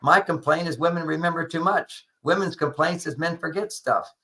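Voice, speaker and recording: An older man, a relationship author, answering in an interview with lively anecdotes and acted-out quotes. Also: fairly high pitch, normal speed, low-quality recording. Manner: animated anecdotal explaining, acts out quoted lines.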